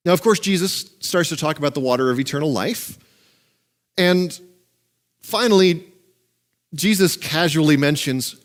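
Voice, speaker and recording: A male pastor preaching a conversational, animated sermon with asides and chuckles. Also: fairly high pitch, measured pace, long pauses.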